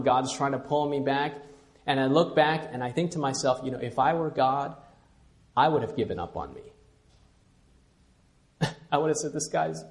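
A pastor delivers a sermon in a medium-pitched male voice, moving between quiet, intimate asides and loud, emphatic lines. He leads the congregation in call-and-response, having them repeat his words back.

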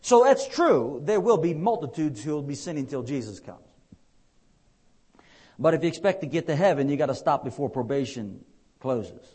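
A man's voice: on the high side, expressive, moderate pace, pauses often, dark tone, husky. A man preaching a conversational sermon, with rising emphatic peaks and frequent fillers.

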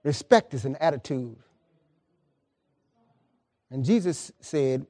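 Pastor at the pulpit: a man with a high-pitched, wildly swooping voice, speaking slowly and mellowly with long pauses. His sermon is lively, emphatic and colloquial, as he repeats words and presses his points on the congregation.

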